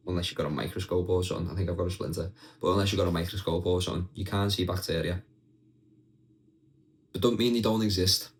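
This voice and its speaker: A man's voice: low voice, rough recording. A young man ranting casually and bluntly to his viewers, swearing freely and talking straight at the camera. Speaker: vlogger.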